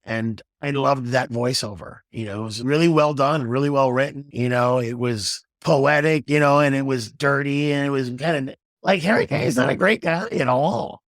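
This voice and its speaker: A man's voice: medium pitch, normal speed, few pauses, dry recording, clean studio sound. A man co-hosting a podcast in casual chat, laid-back, laughing easily and swearing. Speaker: podcast co-host.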